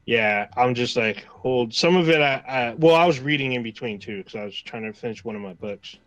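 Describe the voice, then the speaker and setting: A man co-hosting a podcast who rambles through stories and swears easily. His voice sits at an ordinary middle pitch. It is recorded close and dry. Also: lively intonation, fairly quick, a bit bright, no echo, dull audio. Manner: rambling, profane, retells scenes with quoted reactions. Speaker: podcast co-host. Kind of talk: casual chat.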